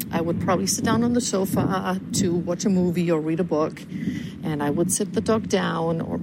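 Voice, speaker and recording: A woman caller leaving a recorded message, explaining calmly with lots of hesitant ums. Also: fairly low pitch, heavy background noise. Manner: hesitant, many filler ums, calm explaining tone.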